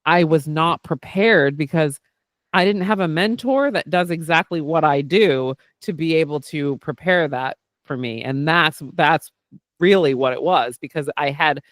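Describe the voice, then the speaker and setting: Male podcast host, therapist type, higher pitch, loose and sweary, filler-heavy casual delivery. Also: a little slow, dry recording, studio quality. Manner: candid and animated, swears freely, peppers talk with "like" and "right?". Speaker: podcast host and therapist doing intuitive work.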